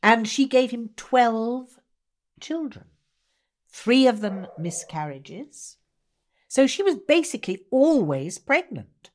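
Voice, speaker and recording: Slow, theatrical woman storyteller. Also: fairly high pitch, animated. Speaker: guest, writer and actor. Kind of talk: animated conversation.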